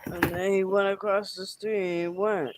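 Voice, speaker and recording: A man co-hosting a casual chat, telling stories loudly and emphatically. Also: sits high, level tone, moderate pace, slight background noise.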